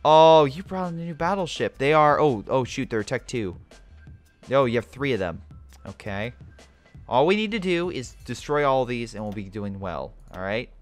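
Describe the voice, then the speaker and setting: A man's voice: mid-range voice, normal speed, faint music behind. A young man giving casual, sarcastic let's-play commentary on a strategy game, talking to the game as he plays. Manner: excitable, sarcastic, talks to the game. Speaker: gameplay commentator.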